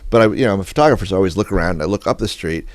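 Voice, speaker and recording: A man guest on a radio show telling a long, animated anecdote in a studio. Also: low voice, very fast, no room sound. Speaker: guest photographer. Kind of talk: storytelling interview.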